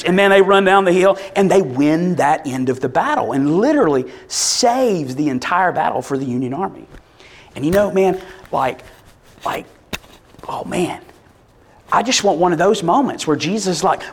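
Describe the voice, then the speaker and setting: Animated preacher man. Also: sits high, normal speed. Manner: animated storytelling, builds to shouts. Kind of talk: sermon.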